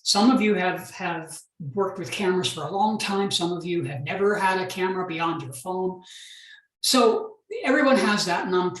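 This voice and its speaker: A man, an art professor, giving recorded feedback on student photographs in a measured, reflective way with many pauses and restarts. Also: sits high, fairly bright tone, echoey room, poor audio.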